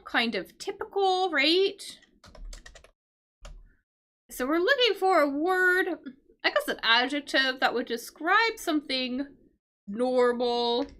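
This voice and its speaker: A woman's voice: sits high, sharp tone. A woman teaching English vocabulary on a live stream, explaining words patiently, checking in with "right?" and answering her chat.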